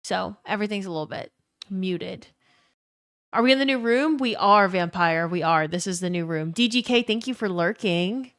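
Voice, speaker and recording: A young woman talks quickly and loosely on her live stream, greeting chat by name and swearing freely. Her voice sits in a middle range, recorded close and dry at home. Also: mid-range voice, a bit bright, no room sound. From Louisiana. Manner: fast-talking, swears freely, greets chatters. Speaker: livestreamer. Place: home room.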